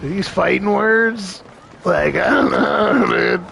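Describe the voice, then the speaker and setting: A man's voice: high-pitched, slow, creaky, pushed and bright, a little hiss or hum. A young man chatting casually as he streams a game, rambling, swearing and laughing often. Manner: rambling, profane, laughs a lot. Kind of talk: casual chat while gaming.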